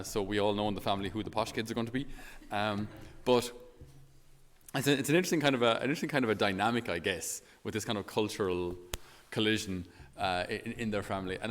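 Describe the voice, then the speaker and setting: A man's voice: on the low side, big-room sound. An Irish man, a priest, giving a homily in a chatty, storytelling way with many fillers.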